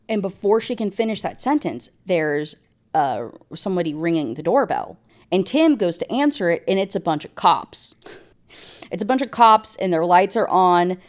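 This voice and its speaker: Woman ranting about a book, sarcastic, exasperated, lowish voice. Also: animated, moderate pace, darkish tone. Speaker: book reviewer.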